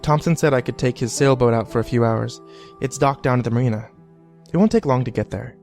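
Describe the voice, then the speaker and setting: A man playing a reserved, meticulous husband and naval officer who speaks calmly and with quiet assurance. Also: medium pitch, a little fast, soft background music, close to an everyday voice. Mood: eager.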